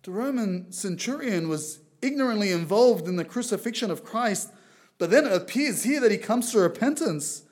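Loud high-voiced Lebanese preacher. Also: male voice, lively intonation, moderate pace. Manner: loud, earnest preaching, reads scripture aloud. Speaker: visiting preacher. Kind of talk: sermon. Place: church.

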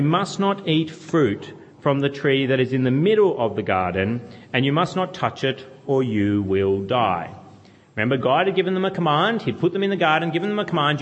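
A man's voice: on the high side, lively intonation, moderate pace. A man preaching a sermon, teaching earnestly and asking his listeners questions as he goes. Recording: long hall reverb.

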